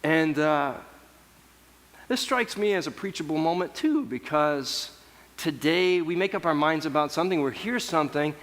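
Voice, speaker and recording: A man preaching a sermon as pastor in a relaxed, conversational storytelling way, acting out the people in the story. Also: fairly high pitch, moderate pace, long reverb tail. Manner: conversational storytelling, voicing biblical figures.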